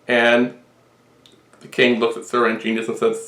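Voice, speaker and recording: A man telling a long shaggy-dog joke with deadpan storytelling. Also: medium pitch, normal speed. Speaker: joke teller. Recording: roomy echo.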